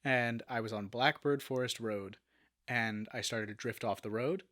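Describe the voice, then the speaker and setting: A man's voice: medium pitch, moderate pace. Man telling a story with restarts. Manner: animated storyteller, many fillers and restarts. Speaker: guest, actor. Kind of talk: casual interview storytelling.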